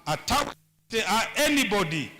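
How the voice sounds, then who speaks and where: A man's voice: high-pitched, big pitch swings, normal speed, noisy background. A man preaching a humorous sermon on marriage in a church, with a Ugandan English accent, often repeating and stumbling over words.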